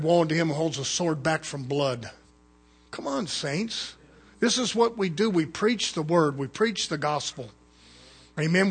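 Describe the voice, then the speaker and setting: Husky preacher man, fervent and swinging. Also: a little high. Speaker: pastor. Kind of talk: sermon.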